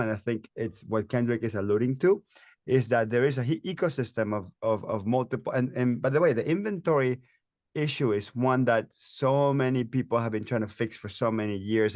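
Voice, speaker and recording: A man hosts a webinar interview, enthusiastic and chatty, talking in bursts with lots of restarts and fillers. His voice is medium-pitched, brisk, and a little mellow, with studio-quality sound and no room echo.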